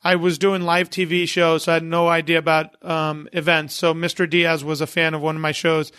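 High, bright-voiced man telling stories. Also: a little fast, clear, resonant tone, dry recording, clean studio sound. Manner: animated anecdote-teller who acts out quotes. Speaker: podcast guest, event promoter. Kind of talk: casual interview storytelling.

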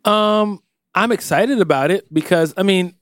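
A man's voice: high voice, a little slow, dry recording, clean studio sound. A man co-hosting a casual podcast chat, wry and teasing, thinking aloud as he goes. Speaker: podcast co-host. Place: podcast studio.

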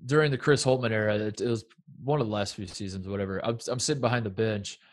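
A man co-hosting a casual sports chat, excitable and laughing as he acts out coaches' rants. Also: fairly low pitch, fast. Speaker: co-host.

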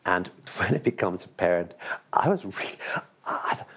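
Irish man hosting, low-voiced and musing. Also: expressive, normal speed, fairly bright tone, breathy edge. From Ireland. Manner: musing, hesitant, many ums and restarts. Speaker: host of a book club conversation. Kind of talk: literary conversation before an audience.

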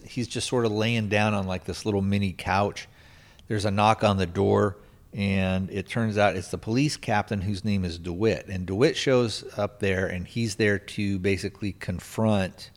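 A man hosting a podcast, casually retelling a film's plot in a rambling way, with many restarts and filler words. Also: on the low side. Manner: rambling, lots of restarts and "you know". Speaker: podcast host reviewing a film.

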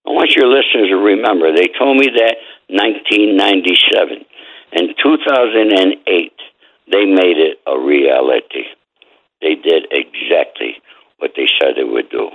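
Older new guy, gravelly voice, tells it straight and swears a lot, sounds like he's on a phone line. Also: low-pitched, moderate pace. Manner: streetwise, blunt, swears freely. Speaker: guest, former mob associate and author. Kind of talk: storytelling interview.

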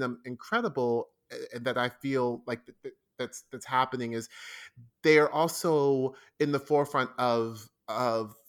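Man, interview guest, enthusiastic, rambling, restarts often, mid pitch. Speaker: guest, stage actor. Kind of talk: casual interview chat.

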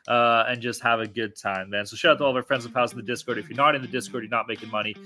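A man's voice: medium pitch, fairly even intonation, racing, sharp tone. A man hosting a podcast in casual sports betting chat, loose, profane and hyped-up. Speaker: podcast host.

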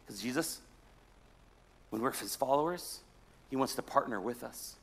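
A man, a pastor, preaching a sermon as a storyteller who jokes with the congregation and swings between loud and hushed delivery. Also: high voice, sing-song, moderate pace, breathy edge.

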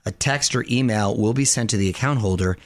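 A man's voice: fairly low pitch, a little fast. Upbeat male radio host. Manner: energetic, jokey banter.

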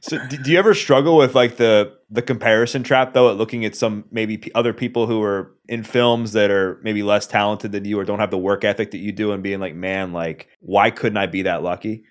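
A man's voice: fairly low pitch, steady tone, fairly quick, few pauses. A man hosting a podcast, asking earnest questions with many "like" fillers. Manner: earnest, fills with "like" often. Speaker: podcast host. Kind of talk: casual interview chat.

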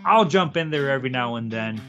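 A man's voice: mid-range voice, animated, a little fast, fairly bright tone, dull audio, soft background music. A man co-hosting a sports betting podcast, casual, profane and hyped as he talks. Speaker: podcast co-host.

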